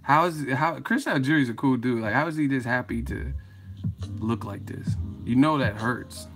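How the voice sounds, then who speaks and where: A man hosting a live show, talking casually with a profane, animated manner and frequent laughter. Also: mid-range voice, moderate pace, vocal fry, faint music behind. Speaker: host.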